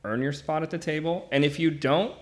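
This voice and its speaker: A man's voice: fairly high pitch, steady tone, brisk. A man hosting a podcast, talking in an encouraging, reflective way during casual conversation. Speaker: podcast host.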